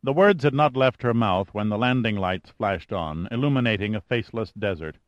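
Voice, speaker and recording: A man narrating an audiobook with steady, even storytelling. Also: on the low side, normal speed, no echo, highs cut off. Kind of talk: scripted narration.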